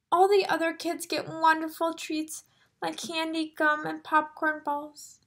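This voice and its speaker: High, unhurried teacher reading a storybook to young kids, asks them questions. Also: female voice. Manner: animated storyteller, gasps, asks the children questions. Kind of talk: reading a picture book aloud to young children.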